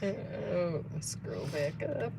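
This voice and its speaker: A woman's voice: fairly low pitch, very animated, very slow, vocal fry, background noise. A woman co-hosting a livestream from a truck cab, reading viewer comments aloud between giggles. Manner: giggly, reads names and messages aloud. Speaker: co-host reading viewer chat.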